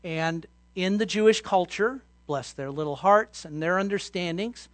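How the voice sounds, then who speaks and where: A man preaching a sermon, telling Bible stories and acting out scenes with sudden shouts. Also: sits high, measured pace, no echo. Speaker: pastor.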